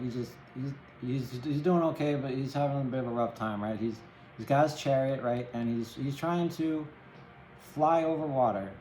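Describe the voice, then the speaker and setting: A man's voice: mid-range voice, mellow, reverberant, a little hiss or hum, rough recording. A man giving a casual tarot reading, chatty and empathetic, rambling and checking in with the listener often. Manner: chatty, empathetic, rambling with many "right?" tags. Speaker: tarot reader.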